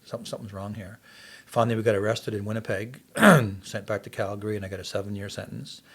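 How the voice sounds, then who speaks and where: An older man from Canada tells his personal testimony in a relaxed interview, speaking earnestly and at a brisk clip. His voice sits somewhat low, and he lets the story carry him along. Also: husky. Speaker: podcast guest.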